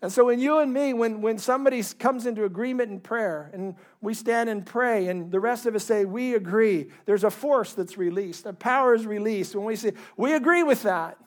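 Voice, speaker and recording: High voiced guy preaching in church, fervent, gets loud and emphatic. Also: fairly quick, few pauses. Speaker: pastor. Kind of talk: sermon.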